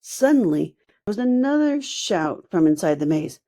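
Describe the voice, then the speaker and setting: Gravelly, expressive woman reading aloud. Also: fairly low pitch, normal speed. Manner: expressive storytelling. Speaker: narrator. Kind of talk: children's book read-aloud.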